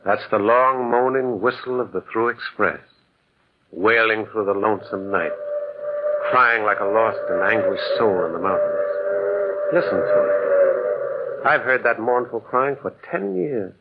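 A man's voice: fairly low pitch, background noise, lightly acted. A man in an old radio drama playing a lonely, brooding man who narrates his memories in a wistful, mournful way. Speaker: narrator and lead character. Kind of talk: 1940s radio acting. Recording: tinny old radio broadcast.

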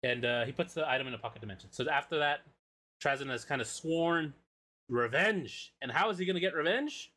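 A man's voice: on the high side, a little fast. A man co-hosting a podcast, casually retelling a comic story with swearing and acted-out quotes. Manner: animated, swears, acts out quotes. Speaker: podcast co-host.

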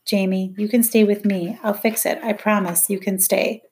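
A woman voicing a kind, steady woman who takes care of two children, speaking in an earnest, reassuring way in an audiobook. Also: medium pitch, moderate pace, slight background noise, close to an everyday voice.

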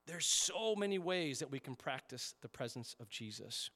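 A pastor delivering a conversational sermon, emphatic at times and dropping to soft prayerful tones. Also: male voice, medium pitch, animated, moderate pace, hardly any pauses, long reverb tail. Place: church sanctuary.

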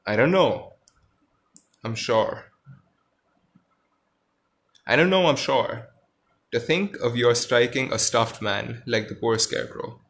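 A man's voice: medium pitch, slow, pauses often, a bit bright. Dorothy, as a man reads her as an earnest little girl. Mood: indignant. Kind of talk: storybook reading.

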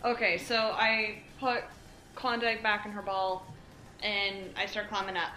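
Woman, game player, casual, bright, echoey room, faint noise. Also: medium pitch, little pitch movement, measured pace. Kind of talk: casual chat in a tabletop game.

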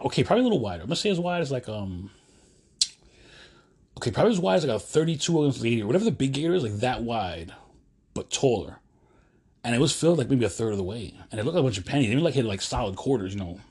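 A man's voice: mid-range voice, darkish tone, breathy edge. A man in his forties hosting a podcast, talking in a casual, rambling monologue while pacing, often breaking off mid-phrase. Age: 40s. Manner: chatty, rambling, self-interrupting, addresses listeners as folks. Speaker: podcast host.

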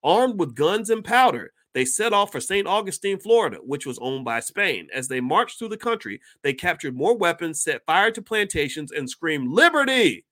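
A man reading passages from a book aloud and breaking off into animated commentary, sometimes stumbling over words. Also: on the high side, moderate pace, few pauses. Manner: reads passages then breaks off into animated asides.

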